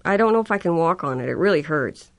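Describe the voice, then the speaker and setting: A woman's voice: sits low, animated, fast. A woman voicing an anxious young girl. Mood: nervous.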